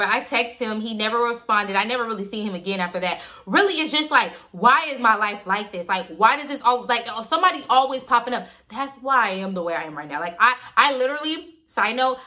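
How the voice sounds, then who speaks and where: A young woman telling a casual story to her viewers, animated and acting out the people she quotes. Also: on the high side. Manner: animated, acts out quotes in shifting voices.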